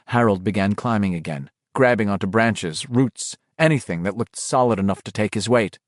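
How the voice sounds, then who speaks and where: A man's voice: lowish voice, moderate pace, no echo, clean studio sound. A man narrating a horror novel as an audiobook, in a dramatic, varied reading.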